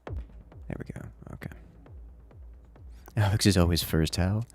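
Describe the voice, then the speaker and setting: An American man with an urban accent streams a game and jokes around playfully with his chat. His voice is deep, steady and darkish, a little slow, with faint music in the background.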